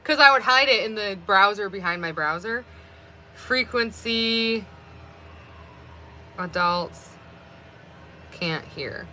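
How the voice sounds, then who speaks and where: A woman of about thirty talks into her phone on a live stream. Her voice is bright and a little sharp, and she rambles casually, stringing thoughts together with frequent fillers of "like.". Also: mid-range voice, animated, takes it slowly, pauses often, slight background noise. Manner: rambling, chatty, many fillers of "like".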